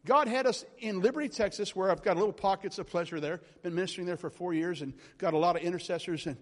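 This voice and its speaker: High-voiced preacher man in a reverberant hall. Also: fast talker. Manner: animated, rambling storyteller addressing congregation. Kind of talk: charismatic sermon storytelling.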